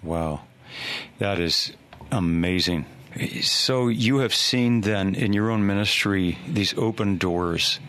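Low-voiced male interview host. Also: slow pace, a bit bright. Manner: interested, questioning.

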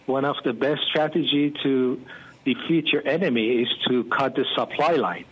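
Husky, animated male pastor. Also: mid-range voice, normal speed. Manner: animated, bursts into excited exclamations. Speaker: pastor, interview guest. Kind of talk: storytelling interview talk. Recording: muffled lo-fi.

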